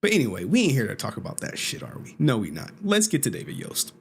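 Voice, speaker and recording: A male livestream host with a mid-pitched voice that swings widely in pitch as he jokes. He laughs between phrases and swears offhandedly, talking loosely to his viewers. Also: huge pitch swings, fast, creaky, a little hiss or hum. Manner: laughs often, jokey, swears casually. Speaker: streamer host. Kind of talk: casual livestream commentary.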